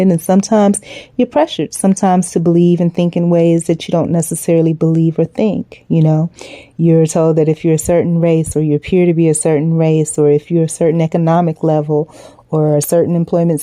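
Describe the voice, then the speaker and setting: A woman's voice: deep voice, warm tone, no room sound. A woman making a casual, earnest appeal to viewers to support her sticker collection, rambling with many fillers. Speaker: small business owner promoting her sticker collection. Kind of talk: casual direct-to-camera appeal.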